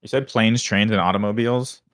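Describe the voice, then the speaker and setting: A man's voice: fairly low pitch, fairly even intonation, fairly quick, no room sound, studio quality. A young man in his twenties co-hosting a casual podcast, who makes sarcastic remarks on his friends' guesses. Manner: wry, sarcastic. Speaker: podcast co-host.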